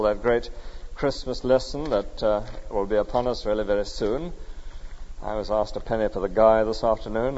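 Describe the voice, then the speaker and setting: A man preaching a sermon, emphatic, asking rhetorical questions and stressing words with loud bursts. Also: lowish voice. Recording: dull sound in a hall with long reverb.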